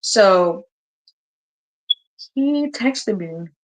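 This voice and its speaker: Woman in her thirties, casual chat host, lively storytelling, laughs often, plays out quoted lines. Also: medium pitch, drawn-out words, rough recording. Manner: animated, laughing, acts out quotes.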